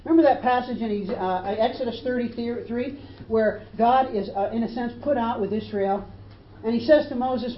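A woman's voice: on the high side, normal speed. Woman preacher, emphatic sermon delivery, roomy dull recording. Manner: emphatic preaching, rising for scripture quotes. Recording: roomy, dull, faint hiss.

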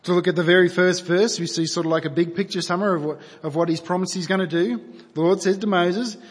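A man's voice: sits high, steady tone, fast talker, husky. A man preaching a sermon in an earnest, conversational way, asking his listeners rhetorical questions. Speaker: pastor. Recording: long hall reverb.

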